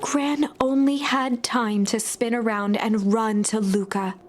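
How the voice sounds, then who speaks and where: A woman narrating a video game in a soft, even storytelling voice, sometimes dropping to a whisper. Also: a little high, slow pace, slight background noise.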